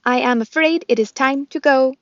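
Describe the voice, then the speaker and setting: Woman doing a gentle robot mom, slow and formal, kinda high. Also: no echo, lo-fi sound. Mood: calm tender. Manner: slow, measured, formal speech without contractions. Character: calm, gentle female robot mother.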